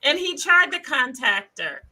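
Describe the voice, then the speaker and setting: A woman's voice: high-pitched, very animated, a little slow, bright, forceful tone. A woman co-hosting a casual live-stream chat, blunt and incredulous in her remarks.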